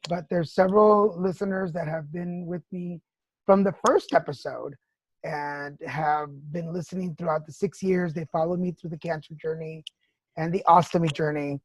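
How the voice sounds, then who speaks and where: A woman's voice: lowish voice, fairly even intonation, normal speed, slightly rough, no echo. A woman hosting a podcast, telling personal stories frankly with swearing and laughter. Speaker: podcast host. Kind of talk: candid casual chat.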